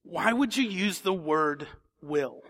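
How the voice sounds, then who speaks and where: A man's voice: a little high, lively intonation, slow, a bit bright. A man preaching a sermon in a church, reading scripture and then building to emphatic questions. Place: church sanctuary.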